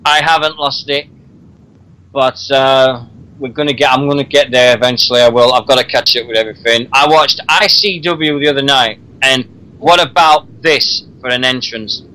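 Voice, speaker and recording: A man's voice: mid-range voice, normal speed, pushed and bright, rough recording. A man hosting a radio talk show, chatting casually and laughing often. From Britain. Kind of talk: casual wrestling chat.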